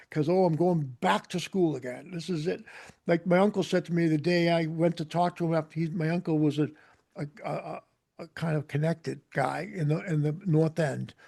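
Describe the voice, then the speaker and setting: An older man, chatting as a guest and telling lively stories between laughs. His voice is gravelly and mellow, set a little higher than most men's. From Boston area. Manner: animated, laughing, acts out quotes. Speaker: guest musician. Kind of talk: casual storytelling chat.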